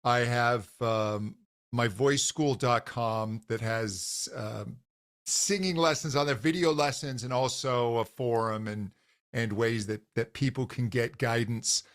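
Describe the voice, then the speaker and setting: A man in a relaxed interview, telling his story with eager enthusiasm. He restarts his sentences often and fills pauses with "um". His voice sits in a middle pitch and comes over a video call. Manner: enthusiastic, frequent fillers and restarts. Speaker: vocal coach guest. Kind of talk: conversational interview.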